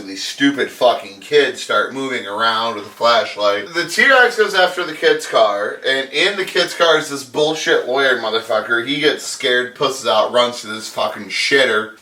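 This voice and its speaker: A man's voice: medium pitch, bright, forceful tone, recorded from a distance. Crude, sarcastic man in an echoey room. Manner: crude, sarcastic, swears constantly. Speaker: podcast host. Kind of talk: profane comedic movie recap.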